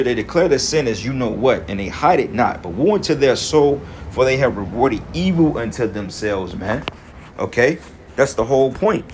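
A man with a mid-range voice teaches scripture angrily and profanely, ending his phrases with "man" and "okay." When reading verses aloud, he shifts to a measured cadence. Slight background noise is present.

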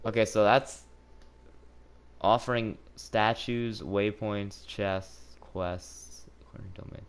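A man live-streaming a video game, rambling sarcastically and bursting out excitedly during fights. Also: on the low side, slow, smooth. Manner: sarcastic, self-mocking rambling with excited outbursts. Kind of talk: live gameplay commentary. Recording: game music playing under voice. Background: game music.

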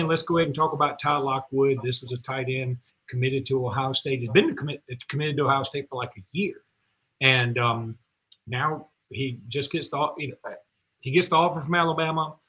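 A man hosts a casual sports podcast in a bright, forceful voice. He talks in a chatty, folksy way, full of fillers and restarts. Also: medium pitch, low-quality recording. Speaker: podcast co-host.

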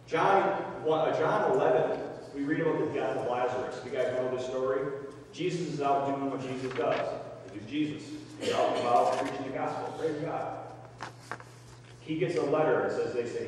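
A man, a pastor, preaching a sermon in an animated way, mimicking careless comforters and asking his congregation questions. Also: mid-range voice, moderate pace, a little hiss or hum. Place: church sanctuary. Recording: echoey church hall from far off.

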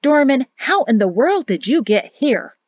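A woman voicing a stern, sharp-tongued rector's wife who talks in a brisk, scolding way. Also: sits high, big pitch swings, no room sound, dull audio, voice pushed up, full character voice.

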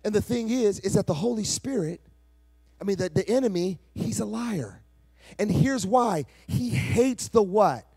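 A pastor preaching a live sermon, calling on his congregation to answer back and building to shouted, sing-song passion. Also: high voice, lively intonation, measured pace, vocal fry, slightly rough. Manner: call-and-response preaching, prompting the congregation.

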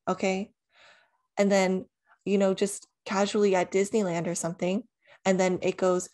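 A woman's voice: medium pitch, level tone, normal speed, a little mellow. A woman co-hosting a casual podcast, blunt and profane, reacting to stories with groans and laughs. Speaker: podcast co-host. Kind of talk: casual chat.

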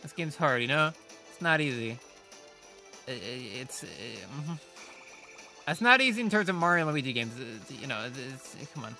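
Lively, bright-voiced man playing a game. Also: medium pitch, normal speed, gravelly, pauses often, soft background music. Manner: rambling, self-deprecating, reacts aloud to the game. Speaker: let's play host. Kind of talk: casual gameplay commentary.

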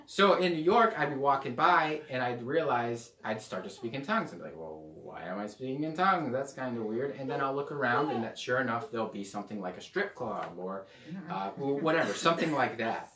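A man's voice: medium pitch, lively intonation, fairly quick, a crowd in the background. A man preaching a casual, joking sermon to a small group, now and then slipping into playful put-on accents. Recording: echoey room, mic at a distance.

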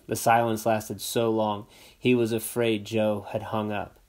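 A man's voice: on the low side, little pitch movement, measured pace, a little mellow. Man giving a plain read-aloud narration. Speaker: amateur reader.

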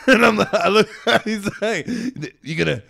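Excitable, laid-back man telling a story. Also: sits high, a little slow, vocal fry. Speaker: podcast co-host. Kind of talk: casual chat.

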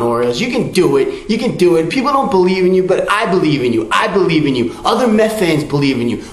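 Male sports fan, comic begging rant, high voice, echoey room sound. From New York area. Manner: begging, pleading, theatrical desperation with repeated pleas. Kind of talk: comic pleading rant to the camera.

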